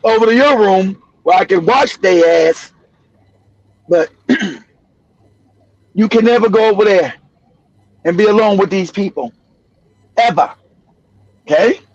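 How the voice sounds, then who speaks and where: Middle-aged guy streaming, high-ish voice, blunt n repetitive, dry dull audio. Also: creaky, husky, dry recording. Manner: blunt, emphatic, repeats himself, laughs often. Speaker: show host. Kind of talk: casual live-stream commentary.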